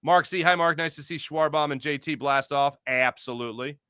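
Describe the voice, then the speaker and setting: A man's voice: a little high, fairly quick, clear, resonant tone, no room sound, studio quality. Upbeat man hosting a sports podcast. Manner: energetic, rambling, jokey. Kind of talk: live postgame chat reading viewer comments.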